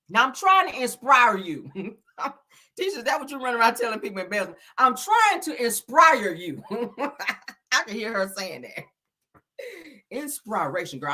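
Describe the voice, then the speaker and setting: On a gossip livestream, a woman with a low-side, husky voice that's pushed and bright delivers casual live commentary. She's sassy and drawling, throwing in "honey" and "child," and laughs often as she mocks.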